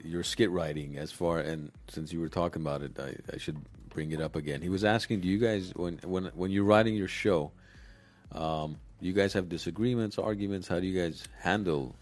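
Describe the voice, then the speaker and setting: A man hosting a podcast, relaying a question in a measured, slightly halting way. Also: deep voice, a little mellow. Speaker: podcast host.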